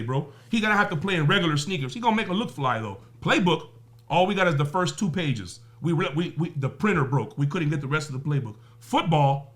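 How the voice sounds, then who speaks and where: A podcast guest from the music business speaks fairly quickly in a slightly high, slightly bright and expressive voice. He argues emphatically and profanely, using rhetorical questions and everyday analogies.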